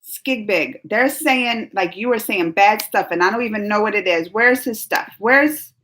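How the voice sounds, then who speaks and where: A woman's voice: mid-range voice, unhurried, sharp tone. A woman hosting a casual live stream, chatting and giggling as she reads viewer comments aloud. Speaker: YouTube reaction host.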